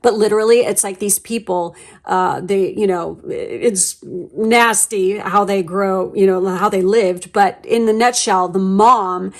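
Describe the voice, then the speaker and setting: A woman at a middle pitch talks through a pick-a-card tarot reading. Her delivery is blunt and emphatic, full of swearing and fillers. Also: fairly even intonation, measured pace. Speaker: tarot reader.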